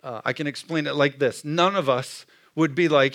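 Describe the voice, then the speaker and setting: Gravelly conversational preacher, man. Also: a little high, normal speed, few pauses, fairly bright tone. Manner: conversational preaching, frequent "Amen?" to the room. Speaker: pastor. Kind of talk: sermon.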